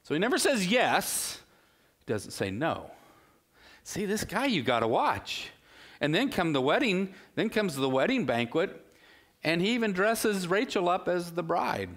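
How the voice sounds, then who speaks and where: A middle-aged male pastor preaching a sermon in a relaxed, conversational way, full of rhetorical questions and asides. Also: mid-range voice, unhurried.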